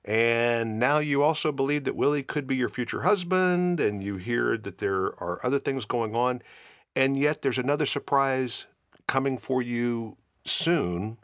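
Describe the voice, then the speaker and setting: A man's voice: mid-range voice, unhurried, fairly bright tone, dry recording, clean studio sound. A man hosting a podcast, asking playful, teasing questions and recapping the story. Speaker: podcast host. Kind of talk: interview host, casual chat.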